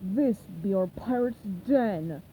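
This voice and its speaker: A woman putting on a deep growling pirate captain. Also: expressive, takes it slowly, phone-quality sound, a little hiss or hum. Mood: menacing. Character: huge menacing male pirate captain, growling.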